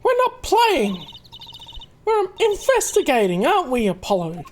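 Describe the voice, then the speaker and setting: A man putting on an excitable teenage girl from a video game, squealing far above his own pitch in an eager, bouncy tone that jumps all over. She sounds like a bubbly magician's assistant. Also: a little slow, a little hiss or hum, full character voice. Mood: excited.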